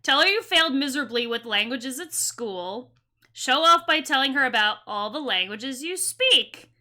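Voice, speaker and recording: A woman streamer with a high voice and a very bright, sharp tone. She gives sarcastic live commentary, reading game options and viewer messages aloud as she plays. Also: animated, normal speed.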